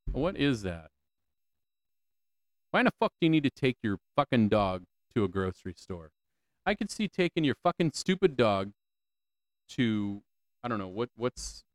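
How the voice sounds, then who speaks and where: A man's voice: lowish voice, clear, resonant tone, no room sound. A man hosting a solo podcast, ranting with lots of swearing, repeated questions and stammering restarts, on a close mic. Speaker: podcast host.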